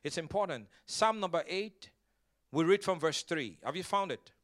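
A man preaching a sermon as pastor. He reads scripture slowly and deliberately, asks the congregation to repeat after him, and builds to loud, emphatic declarations. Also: on the high side, expressive. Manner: preaching with call-and-response to the congregation; slow deliberate scripture reading.

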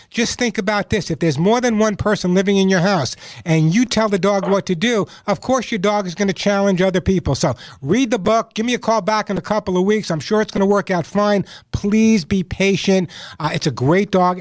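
There's no room sound around this high-pitched man, a radio host taking calls about pets. His advice comes out emphatic and repeated, and he puts on dog voices for comic effect.

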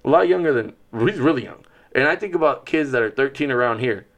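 A man in relaxed conversation with a middle-range voice. He tells stories with energy and slips into acted-out quotes. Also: mid-range voice, fast talker. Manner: animated storyteller who acts out quotes. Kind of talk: casual chat.

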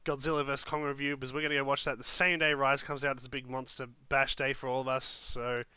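A man hosting a casual podcast, upbeat and quick to laugh. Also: mid-range voice, little pitch movement, sharp tone, clean tone, no room sound. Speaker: podcast host.

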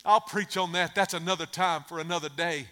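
A man's voice: on the high side, fairly even intonation, brisk, pushed and bright. A man preaching a sermon, telling a story and stressing his points through repetition. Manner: emphatic, repeats phrases for effect. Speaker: pastor. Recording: long reverb of a large hall.

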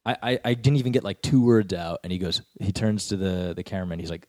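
A young man, a comedian and actor, telling stories in a casual podcast chat, jumping into high voices to act out quotes. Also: quick pace, no room sound, studio quality. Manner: animated storyteller, acts out quotes in high voices.

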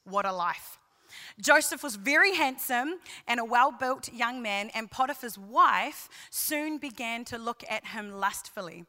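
A woman preacher giving an emphatic sermon, repeating key phrases and building to passionate shouting. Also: fairly high pitch, expressive, unhurried. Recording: long hall reverb.

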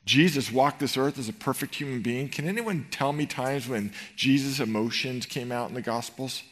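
A middle-aged man preaching a sermon in a church, animated and rhetorical, swinging between loud emphasis and quiet tenderness. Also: mid-range voice, moderate pace. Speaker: pastor. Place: church sanctuary.

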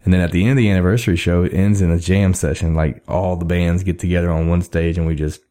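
A man from Texas hosts a podcast in a rambling, laid-back way, chatting casually and laughing often. His low, dark voice moves at a quick pace with fairly even intonation, recorded on a studio microphone.

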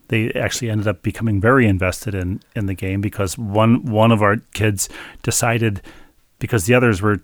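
A man's voice: fairly low pitch, dry recording, studio quality. A man co-hosting a casual chat show, telling stories in a wry, self-mocking way. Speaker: podcast co-host.

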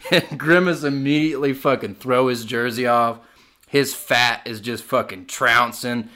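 Podcast guy making up a dumb crude story, bright punchy voice, keeps laughing. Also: mid-range voice. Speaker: podcast co-host. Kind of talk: improvised comedic storytelling.

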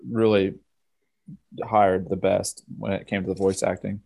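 A man with a Southern US accent chatting casually as a podcast co-host, laughing easily and pausing on fillers. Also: low voice, little pitch movement, creaky, dark tone. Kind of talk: casual chat.

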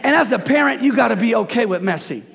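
A man preaching a lively sermon as pastor, joking and calling out to the congregation. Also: extremely high pitch, fast, creaky. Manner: animated, preachy, jokes with congregation. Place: church sanctuary. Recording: hall reverb.

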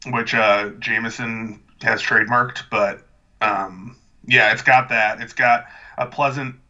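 A man's voice: mid-range voice, steady tone, slow, pushed and bright, highs cut off. A man co-hosting a casual podcast, chatty and rambling with a dry sense of humor. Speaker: podcast co-host. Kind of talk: casual chat.

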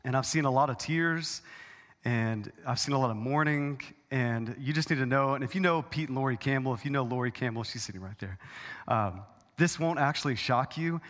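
A man preaching a sermon as a pastor, dramatic and emphatic, swinging up loud and high to drive points home. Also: moderate pace, big-room sound. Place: church auditorium.

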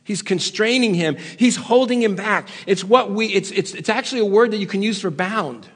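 A man preaching a sermon with passion, dropping low and quiet, then rising loud. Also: normal speed, husky. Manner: impassioned, swings between hushed low lines and loud raised ones.

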